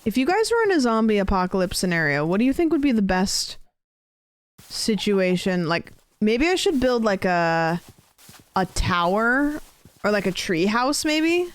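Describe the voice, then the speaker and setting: Smooth-voiced woman streamer chatting. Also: medium pitch, sing-song, measured pace. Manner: rambling, chatty with viewers. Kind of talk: casual gameplay chat.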